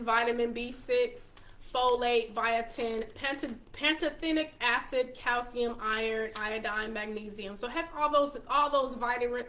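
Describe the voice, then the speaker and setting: A chatty woman with a Texas twang, talking casually to her viewers as she hosts her own show. Her voice sits a little high. She is upbeat and reels off long lists with small restarts along the way. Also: pushed and bright, a little hiss or hum. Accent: Texan. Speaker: show host and wellness consultant. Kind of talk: casual product talk to viewers.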